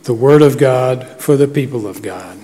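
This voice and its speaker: A man giving a measured, solemn scripture reading in a church. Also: medium pitch, warm tone, slight background noise. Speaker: scripture reader. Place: church sanctuary. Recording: long church reverb.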